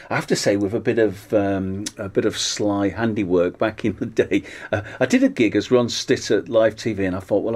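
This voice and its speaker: A man's voice: fairly low pitch, darkish tone. A man, a comedian guest on a radio show, telling wry anecdotes with plenty of fillers. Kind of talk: casual interview chat.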